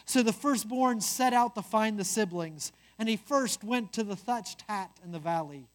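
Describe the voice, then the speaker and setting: A storyteller reading a parable aloud. The delivery is measured and earnest throughout. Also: medium pitch.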